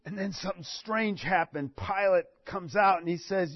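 A man's voice: high voice, normal speed, dry recording. A man preaching a sermon, telling the story with animation and acting out what people said. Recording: dull dry recording.

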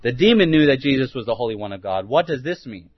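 A man's voice: medium pitch, animated, quick pace, no echo, highs cut off. Man preaching a sermon, questioning listeners. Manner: asks the listeners many rhetorical questions; restarts and repeats words while thinking aloud.

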